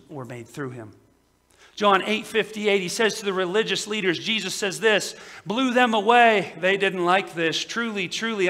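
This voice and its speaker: A male pastor preaching a sermon, swinging between loud emphatic peaks and quiet low asides. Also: big-room sound. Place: church sanctuary.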